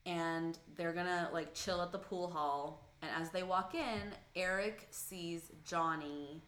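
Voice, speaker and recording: A young woman talks in a casual podcast chat, bright and forceful, swearing freely and jumping into the characters' voices as she recaps. The room is echoey, with her voice bouncing off the walls. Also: lowish voice, takes it slowly. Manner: animated, profane, acts out characters' lines in bursts. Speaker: podcast co-host recapping a TV episode.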